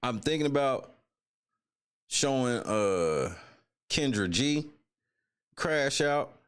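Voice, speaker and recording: Animated, profane male live-stream host. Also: medium pitch, slow, clear, resonant tone. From Indiana. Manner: greets chatters mid-rant. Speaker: livestream host. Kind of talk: casual live-stream commentary.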